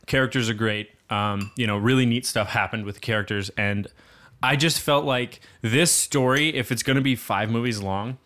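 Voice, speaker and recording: A man's voice: medium pitch, normal speed, pushed and bright. A man hosting a casual podcast chat, laughing often and rambling animatedly between topics. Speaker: podcast host.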